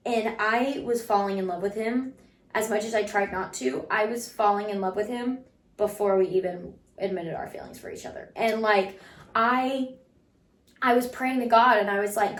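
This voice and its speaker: A woman's voice: mid-range voice, moderate pace. A young woman hosting a casual chat, speaking in an earnest, heartfelt way. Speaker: podcast host. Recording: roomy, distant mic.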